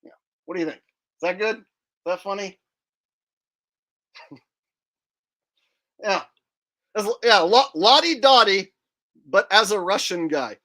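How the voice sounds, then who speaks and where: A man's voice: high-pitched, animated, slow pace, pauses often, sharp tone. A male comedian chatting casually to online viewers, rambling and laughing at his own jokes.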